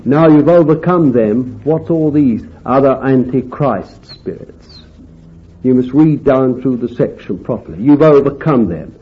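A man preaching a fervent sermon, swinging between loud exclamations and quiet asides. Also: mid-range voice, expressive, unhurried. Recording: dull lo-fi recording.

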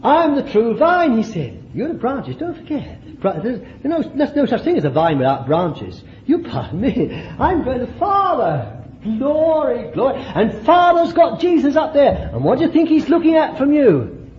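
A man's voice: extremely high pitch, wildly swooping pitch, moderate pace, highs cut off, a little hiss or hum. A man preaching a fervent sermon, exclaiming and laughing between points.

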